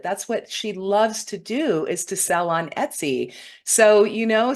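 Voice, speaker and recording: A middle-aged woman hosting a spiritual talk, speaking earnestly and getting emotional when moved. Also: mid-range voice. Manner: earnest, warm-hearted, often tearful when moved. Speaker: spiritual teacher hosting a weekly broadcast. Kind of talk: heartfelt spiritual talk to viewers.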